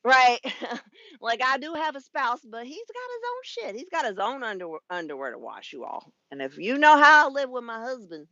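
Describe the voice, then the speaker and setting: A woman in her fifties hosts a casual live stream with a bright, lively voice that swings up and down as she talks. She is frank, swears easily and laughs a lot. The sound is dry and a little dull. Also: medium pitch, dry recording. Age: 50s. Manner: chatty and frank, swears freely, laughs often. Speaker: spiritual life coach and YouTube live host. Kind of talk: casual livestream monologue.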